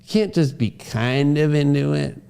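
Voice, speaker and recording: A profane, excitable man talks through a horoscope forecast. His voice sits a bit higher than most men's. He slips into quoted voices and breaks into shouts. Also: a little slow, creaky, clear, resonant tone. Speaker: astrologer.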